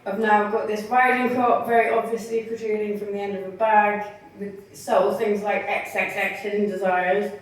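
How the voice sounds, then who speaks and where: A woman's voice: medium pitch, level tone, moderate pace. A woman doing a bawdy stand-up set at a bar comedy night, laughing at her own jokes and acting out the people in her stories. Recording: echoey bar, mic heard from far.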